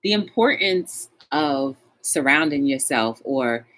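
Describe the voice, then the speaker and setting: A woman hosting a casual livestream talk show, greeting her viewers one by one in a chatty, animated way. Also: very deep voice, slow pace.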